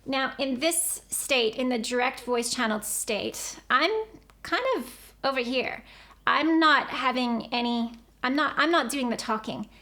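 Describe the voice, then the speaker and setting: A woman's voice: high voice, measured pace, sharp tone. A woman teaching about channeling, earnest and repetitive as she explains things step by step. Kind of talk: explanatory spiritual teaching video.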